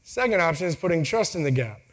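A man's voice: on the high side, very animated, fast. A man in his thirties giving a casual talk to an audience, joking and acting out quotes in family stories. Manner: joking, storytelling, acts out quotes. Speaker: speaker. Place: venue with a timer for speakers.

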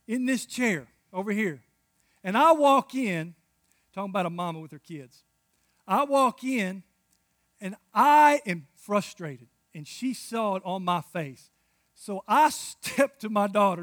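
A man in his thirties preaching a sermon, telling stories with big swings from hushed asides to loud outbursts. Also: high-pitched, no echo, studio quality. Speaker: pastor.

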